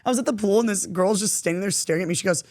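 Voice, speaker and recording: A young woman talking quickly in a mid-pitched voice, loose and casual as she chats on a podcast. She is animated and slangy and swears without a second thought. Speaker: podcast guest. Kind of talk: casual chat.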